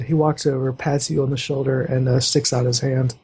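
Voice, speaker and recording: A man narrating as game master of a tabletop role-playing game, with a halting delivery full of fillers. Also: mid-range voice, little pitch movement, vocal fry, mellow, husky, rough recording. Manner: halting, many fillers, voices NPCs lightly.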